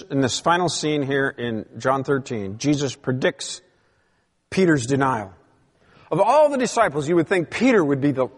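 A man's voice: mid-range voice, in a large hall. A man preaching a sermon, reading scripture aloud with emphatic rises and drops in his delivery. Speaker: pastor.

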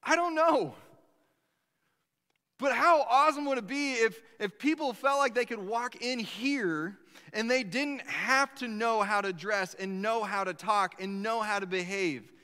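A man's voice: high voice, measured pace, bright, forceful tone. A man preaching a sermon as a pastor, telling stories in a loose, conversational way with frequent restarts. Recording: long hall reverb.

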